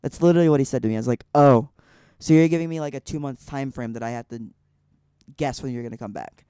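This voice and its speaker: A man's voice: medium pitch, quick pace, warm tone, clear, resonant tone, dry recording, clean studio sound. A young man from Illinois telling a personal story on a podcast, rambling with lots of "like" fillers. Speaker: podcast guest. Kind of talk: casual storytelling.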